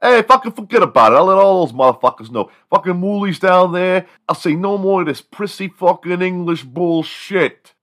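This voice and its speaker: A man voicing a crude, brash tough guy in a put-on New York accent, loud and swearing. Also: high-pitched, animated, moderate pace, few pauses, pitched above the performer's own voice.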